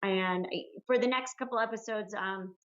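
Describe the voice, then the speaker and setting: A woman joining a podcast as a guest, talking in a relaxed, rambling way. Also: mid-range voice, moderate pace, muffled recording. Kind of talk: casual chat.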